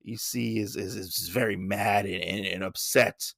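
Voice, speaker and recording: Man, podcast host, casual comic recap, rambling, gravelly, dry room. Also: lowish voice, fairly even intonation, normal speed, a bit bright, no echo. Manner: rambling, restarts, swears casually.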